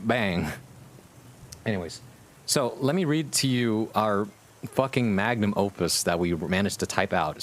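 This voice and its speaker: A man's voice: lowish voice, a little hiss or hum. A man streaming live as a VTuber, chatting casually with his viewers, amused, profane and rambling.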